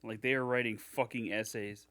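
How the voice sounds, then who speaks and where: A man's voice: medium pitch, fairly even intonation, moderate pace, sharp tone, dry recording. A man co-hosting a casual podcast, reading reviews aloud in a sarcastic, mocking way. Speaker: podcast co-host.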